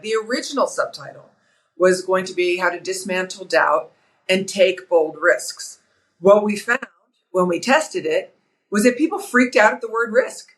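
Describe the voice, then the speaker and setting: Middle-aged woman, broadcaster guest on a podcast; emphatic, energetic storyteller, mid-range voice. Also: medium pitch, rough recording. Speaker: guest, sports broadcaster and author. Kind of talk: podcast interview.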